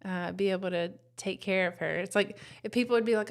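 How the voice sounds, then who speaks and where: A young woman, telling her story as a new mother in a soft, tender, rambling way. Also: mid-range voice, fairly even intonation, brisk, few pauses. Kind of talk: casual personal testimony.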